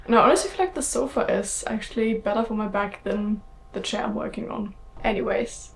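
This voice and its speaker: A woman's voice: medium pitch, brisk, creaky, a little hiss or hum. Woman, young adult, German accent, casual home vlog, chatty, filler words. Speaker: vlogger. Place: home in London.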